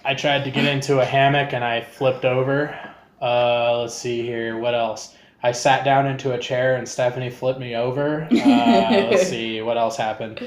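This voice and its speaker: A man's voice: medium pitch, normal speed, reverberant, crowd noise. A man co-hosting a podcast, laid-back and laughing, swearing casually as he recalls a party. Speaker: podcast co-host. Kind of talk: casual chat.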